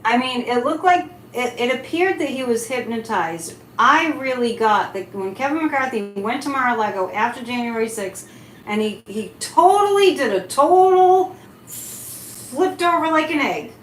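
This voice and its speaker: A psychic livestream host speaks in a slightly high, expressive voice at a measured pace. She chats casually and animatedly while answering comments from viewers. The sound is echoey, with faint background noise.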